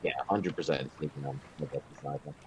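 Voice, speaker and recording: A young man playing a tabletop game, animated and full of questions as he thinks aloud. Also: rumbling low, a little fast, a crowd in the background, low-quality recording. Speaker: player. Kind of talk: casual tabletop play.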